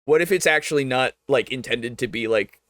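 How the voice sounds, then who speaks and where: A man reacting to videos as host, arguing with what he hears in an animated, talkative way and laughing often. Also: mid-range voice, fairly quick, no room sound, studio quality. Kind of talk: casual reaction commentary.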